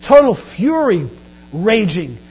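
A high-pitched man preaching a sermon in a church, his delivery rising and falling sharply in volume. The recording is dull and lo-fi, with a steady mains hum underneath. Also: slow. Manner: preaches with big swings in pitch and loudness.

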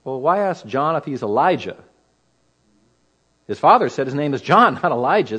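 A man's voice: a little high, big pitch swings, normal speed, fairly bright tone, slightly rough. A man teaching through a Bible passage in an earnest, emphatic way, often asking rhetorical questions. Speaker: preacher.

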